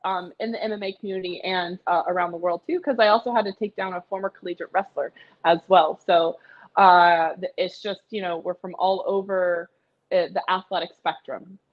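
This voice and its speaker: A woman's voice: lowish voice, fairly even intonation, fairly quick, lo-fi sound. A young adult woman guest on a casual podcast, talking energetically and acting out quotes as she tells a story. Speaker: guest, pillow fighter.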